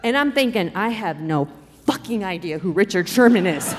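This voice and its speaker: A middle-aged woman telling a personal story in an animated, expressive way, acting out quotes. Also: medium pitch, moderate pace. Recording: long hall reverb.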